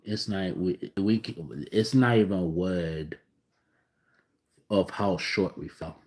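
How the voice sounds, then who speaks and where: Ranting slowly and profanely, a man reacts as a sports fan vlogger, his delivery swinging from loud eruptions down to quiet muttering.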